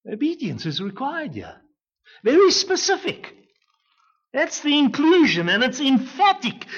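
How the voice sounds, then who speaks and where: A man preaching an expository sermon as pastor, emphatic, with dramatic swings between loud, pleading lines and hushed ones. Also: very high voice. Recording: dull lo-fi recording.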